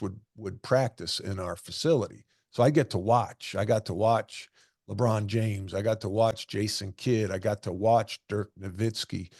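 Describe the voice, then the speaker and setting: A man's voice: on the low side, a little mellow, no echo, studio quality. A man in his sixties, a former basketball coach, answering interview questions with earnest anecdotes and repeating phrases for emphasis. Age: 60s.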